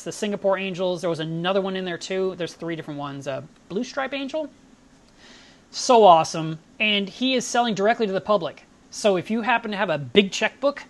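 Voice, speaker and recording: A woman hosting a live stream, chatting casually and telling stories with enthusiasm. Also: fairly low pitch.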